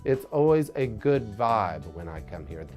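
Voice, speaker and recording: A comedian from Southern Indiana with a twang, mixing stand-up and casual talk in a wry, drawn-out way. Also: male voice, on the low side, sing-song, darkish tone, soft background music.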